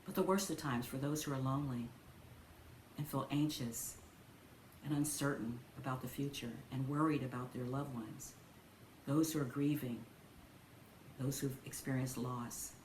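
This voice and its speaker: An older woman minister giving a sermon, telling stories in a gentle, folksy way. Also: rumbling low, fairly even intonation, moderate pace, pauses often, slight background noise. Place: church. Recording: echoey room with faint ambience.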